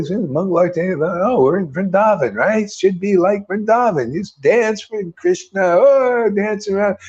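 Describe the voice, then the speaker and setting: A man's voice: on the high side, breathy edge, highs cut off. A man giving a casual, rambling devotional talk with a laid-back manner, often tossing in "man". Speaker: devotional speaker.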